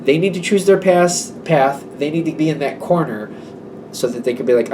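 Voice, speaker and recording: A man's voice: on the high side, moderate pace, far from the mic, noisy background. A man giving a casual, rambling tarot reading, acting out little exchanges between people as he talks. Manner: chatty, rambling, acts out quoted exchanges. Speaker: tarot reader.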